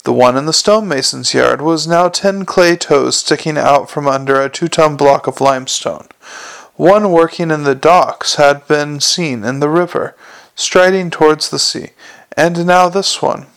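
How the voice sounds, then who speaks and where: Man narrating a novel, gravelly and smooth. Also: on the high side, measured pace, fairly bright tone. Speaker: audiobook narrator. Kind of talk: scripted narration.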